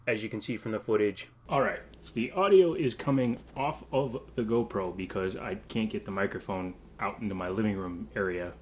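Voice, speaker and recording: Chatty joking man showing off a haul. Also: lowish voice. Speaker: game collector vlogger. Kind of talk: casual vlog. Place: home living room.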